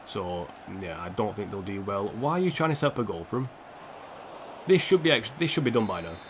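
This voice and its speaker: Sweary gaming streamer. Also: male voice, fairly low pitch, big pitch swings, fairly quick, slight background noise. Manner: rambling, opinionated, swears freely. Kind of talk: casual live-stream game commentary.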